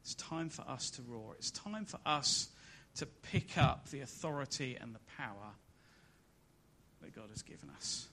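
Bright-voiced male preacher, rising and falling. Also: expressive, unhurried. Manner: swells to loud emphatic peaks, then drops soft and low. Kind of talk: sermon. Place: church service.

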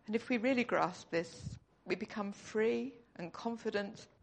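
A woman's voice: medium pitch, unhurried, gravelly. A woman giving an earnest, conversational sermon in church. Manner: earnest, conversational, tearful at the close. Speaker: church speaker.

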